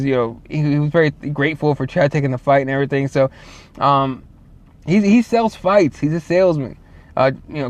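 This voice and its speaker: A man's voice: on the high side, no room sound. A man hosting a casual solo show, rambling and swearing, full of fillers and restarts. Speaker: show host.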